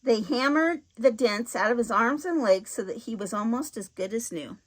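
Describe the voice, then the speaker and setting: A woman reading a children's storybook aloud in a clear, expressive way. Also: fairly high pitch, moderate pace.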